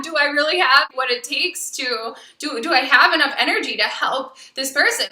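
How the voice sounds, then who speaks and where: A woman's voice: high voice, bright, forceful tone, reverberant, low-quality recording. A woman talking casually as a psychic giving spiritual advice, full of "like" and acted-out quotes. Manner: chatty, full of "like", acts out quoted voices. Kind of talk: casual talk to camera.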